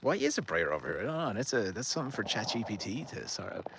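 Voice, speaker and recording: A man's voice: lowish voice, big pitch swings, very fast, background noise. An Irish man live-streaming from a garden outdoors, rambling and joking as he reads out viewer comments. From Ireland. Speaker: livestream host. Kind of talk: casual live-stream chat.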